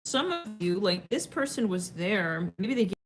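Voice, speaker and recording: A woman's voice: mid-range voice, very animated, moderate pace, music in the background. A woman giving a casual tarot reading, rambling and slangy, with lots of filler words and casual swearing. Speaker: tarot reader.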